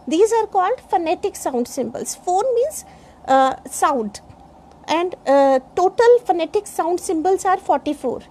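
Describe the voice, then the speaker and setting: Slow high-voiced woman teaching pronunciation. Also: animated, a little mellow. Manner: slow, explains step by step, spells words letter by letter; frequent fillers like uh and you know. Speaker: English speaking teacher. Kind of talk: classroom lecture on pronunciation.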